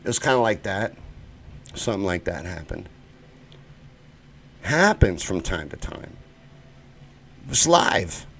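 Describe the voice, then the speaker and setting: A man from the United States hosting a live-stream rant show, heated and profane, swinging between loud outbursts and low muttering. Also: sing-song, unhurried, long pauses, a little hiss or hum. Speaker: show host.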